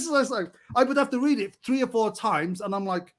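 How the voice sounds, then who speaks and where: A man with a Barnsley accent from Yorkshire, co-hosting a podcast in casual chat, telling animated stories with frequent laughs and stumbles. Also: extremely high pitch, fairly quick. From England. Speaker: podcast co-host.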